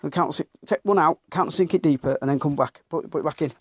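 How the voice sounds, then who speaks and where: Fairly high-pitched and racing along, a Northern English man from England talks bluntly through his woodworking in the workshop, a bit out of breath. Mutters while working, with the odd mild swear. The background clearly carries planing, rubbing and wood noises.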